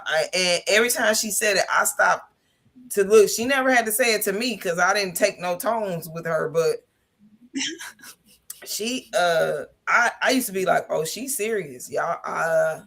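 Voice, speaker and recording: A woman's voice: fairly low pitch, normal speed, vocal fry, fairly bright tone. A woman co-hosting a casual chat, telling stories in a loose, profane way. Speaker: podcast co-host.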